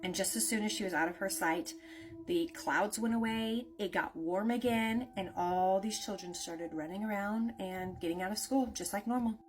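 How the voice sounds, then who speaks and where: A woman's voice: mid-range voice, normal speed. A woman telling a spooky story in a casual, conversational way, with lots of "like" and "naturally".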